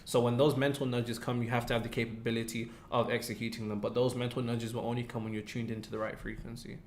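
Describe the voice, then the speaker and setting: A young British man with a Midlands accent hosting a casual livestream Q&A, relaxed and full of banter. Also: mid-range voice, quick pace, a little hiss or hum. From England. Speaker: livestream host.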